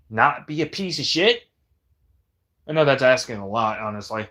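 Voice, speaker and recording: Angry ranting man, higher voice. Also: lively intonation, normal speed, pushed and bright, lo-fi sound. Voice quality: profane, combative, repetitive. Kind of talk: heated ranting callout.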